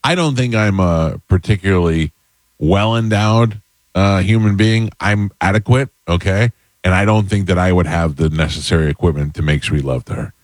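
A man telling crude jokes and stories in casual deadpan banter, as a podcast co-host. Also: low voice, normal speed, dry recording. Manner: deadpan, jokey storyteller.

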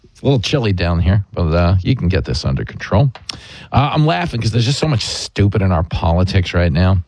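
A man's voice: low-pitched, very animated, brisk, a little mellow, no echo. A man hosting a talk radio show, chatting in a sarcastic, mocking way. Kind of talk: opinionated talk radio chat.

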